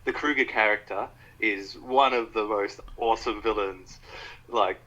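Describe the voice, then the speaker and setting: A man from Australia co-hosting a film podcast. He talks enthusiastically and haltingly, with many fillers and restarts. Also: fairly low pitch, bright, forceful tone, dull audio. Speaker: podcast co-host. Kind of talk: casual film review chat.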